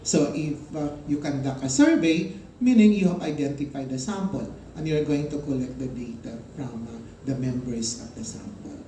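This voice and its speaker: A man's voice: medium pitch, animated, moderate pace, warm tone, roomy sound, slight background noise, low-quality recording. A man teaching statistics in a recorded lecture, explaining step by step with frequent fillers and emphatic rises.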